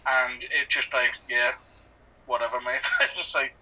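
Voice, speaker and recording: A man with a Northeast English accent chats loosely through a film commentary, full of fillers and strong opinions. His tone is very bright and keen, with an even, flat pitch, and he sits some way back from the mic. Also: measured pace, recorded from a distance, a little hiss or hum, low-quality recording. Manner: rambling, filler-heavy, opinionated. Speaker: podcast co-host. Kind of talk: casual film commentary chat.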